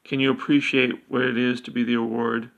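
A grave female elf seer from a read-aloud fantasy tale, as a man voices her. The voice is gravelly and stays nearly flat in pitch. She speaks in a solemn, brooding way. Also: fairly quick, lo-fi sound, background noise, close to an everyday voice.

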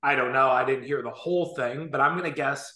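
A man co-hosting a podcast in casual sports chat, animated, joking and emphatic. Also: medium pitch, a little fast. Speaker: podcast co-host. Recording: roomy echo.

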